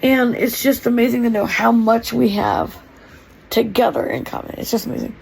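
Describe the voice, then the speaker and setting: Gravelly tearful woman vlogging. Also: a little high, moderate pace, rough recording. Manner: tearful, heartfelt, rambling with many fillers. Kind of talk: emotional personal vlog monologue. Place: home kitchen.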